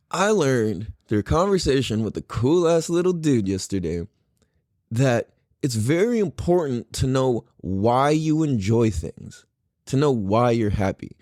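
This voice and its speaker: A man in his thirties hosting a podcast, talking in an excitable, rambling way and swearing freely. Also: mid-range voice, no room sound, clean studio sound. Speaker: podcast host. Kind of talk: casual solo podcast talk.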